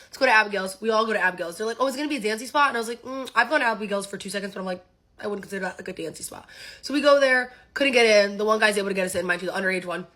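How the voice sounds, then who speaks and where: Young woman, fast, bright voice, casual storytime, animated, laughs a lot. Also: mid-range voice. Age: young adult. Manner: animated, laughing, acts out dialogue.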